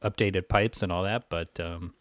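A man co-hosting a podcast in casual chat, joking dryly and often pausing on filler words. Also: sits low, steady tone, no echo. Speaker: podcast co-host.

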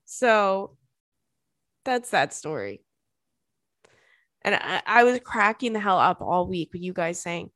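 A woman's voice: medium pitch, sing-song, unhurried, pauses often, fairly bright tone, no room sound, studio quality. A young adult woman hosting a podcast, telling candid stories in a chatty, oversharing way with swearing and laughter. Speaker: podcast host. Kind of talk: casual chat.

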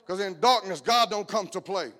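A middle-aged man preaching a sermon, mixing lively jokes and stories into his message. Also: high-pitched, normal speed. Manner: lively, joking storytelling preacher style.

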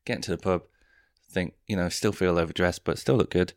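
A man's voice: low voice, steady tone, brisk, no room sound, clean studio sound. A young man, hosting a podcast with a profane, self-mocking, rambling comic monologue full of tangents. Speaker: podcast host. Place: London.

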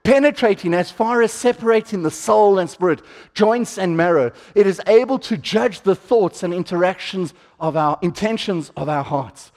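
A high-voiced man preaches to his congregation. He keeps it chatty, throws questions at the room and acts out little quotes. A long church-hall reverb trails after his words. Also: normal speed, a little mellow. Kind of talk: sermon.

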